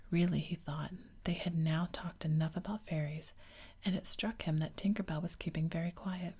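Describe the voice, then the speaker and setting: A woman reading a children's story aloud in a slow, soothing ASMR whisper. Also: on the low side, steady tone, dark tone. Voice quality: breathy whisper.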